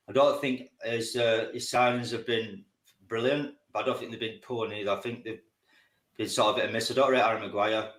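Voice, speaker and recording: A man's voice: medium pitch, fairly bright tone, echoey room. A man giving blunt, emphatic opinions as a guest in a casual football chat. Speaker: guest pundit.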